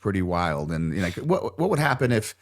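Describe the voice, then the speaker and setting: A man guesting on a podcast rattles off his stories at a quick clip. His speaking voice sits fairly low. He tells them in a lively, animated way, acting out the other people in them. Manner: animated storyteller who acts out other voices. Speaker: racing guest. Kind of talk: casual podcast chat.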